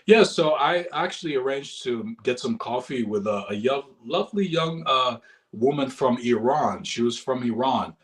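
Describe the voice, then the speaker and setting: An American man chatting casually about a trip, relaxed and animated as he tells stories. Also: normal speed. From United States. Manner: animated, acts out quoted people in a high voice. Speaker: guest telling travel stories. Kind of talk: casual storytelling chat.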